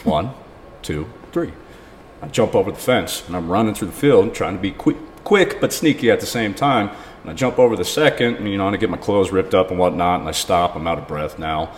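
A man's voice: low voice, lively intonation, fast talker. A man guesting on a podcast, telling a rambling story casually and often laughing. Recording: reverberant room with faint noise.

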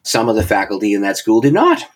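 Older man, pastor, storytelling, lively pitch, husky voice. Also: fast talker. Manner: animated storyteller, acts out dialogue, laughs at his own story. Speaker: pastor and guest speaker. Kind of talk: personal storytelling.

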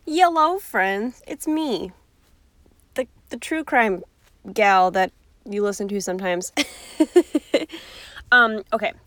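A woman's voice: mid-range voice, slow, long pauses, a bit bright, no room sound. A woman hosting an unedited podcast, rambling in a bubbly, chatty way with goofy asides. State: hiccups. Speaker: podcast host.

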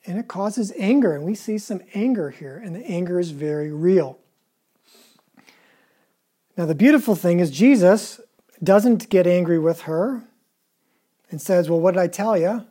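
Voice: mid-range voice, expressive, measured pace, pauses often, mellow, husky. A preacher giving a conversational sermon, asking the listeners questions and retelling scripture in casual, everyday words.

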